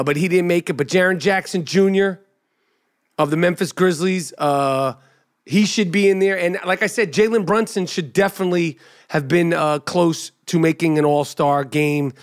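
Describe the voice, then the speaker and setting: A man hosting a podcast, riffing on basketball in a brash, profane, animated way. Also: fairly high pitch. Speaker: podcast host. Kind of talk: casual basketball commentary monologue.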